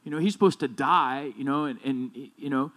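A male pastor preaching a sermon in a casual, conversational way that turns emphatic on key points. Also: normal speed. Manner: casual, conversational, rambling with restarts and asides; emphatic, builds in loudness and pitch when stressing points.

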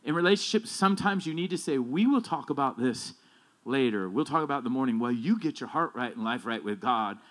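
A man's voice: expressive, quick pace. A male pastor preaching a sermon in a casual, conversational way that turns emphatic on key points. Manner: casual, conversational, rambling with restarts and asides; emphatic, builds in loudness and pitch when stressing points.

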